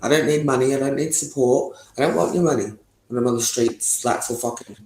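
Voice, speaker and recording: Brisk and darkish in tone, this medium-pitched young man talks candidly and casually in interview testimony. He rambles, swears a lot and laughs between thoughts, with the room audibly echoey.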